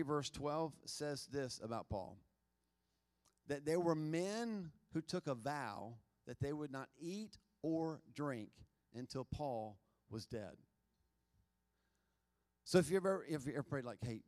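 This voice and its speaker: Animated man preaching a sermon. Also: fairly high pitch. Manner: animated preaching, shifting from loud emphasis to soft asides. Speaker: pastor.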